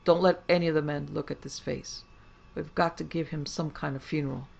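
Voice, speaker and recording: A woman's voice: sits low, fairly even intonation, fairly quick, gravelly, a little mellow, lo-fi sound, a little hiss or hum. A woman voicing a stern male Union officer who gives curt, commanding orders.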